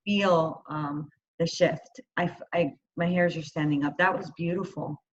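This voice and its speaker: A woman's voice: deep voice, fairly even intonation, a little slow, slight background noise. A woman interview host chatting casually, effusive and exclaiming. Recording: dull lo-fi audio.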